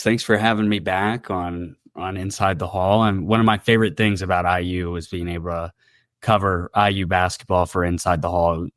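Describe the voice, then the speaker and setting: A young man in his twenties speaks as a guest on a podcast, earnest and casual, often repeating words as he finds his way. His voice sits very low. The sound is dry and close. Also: dry recording. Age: 20s. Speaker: guest radio broadcaster. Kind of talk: casual interview chat.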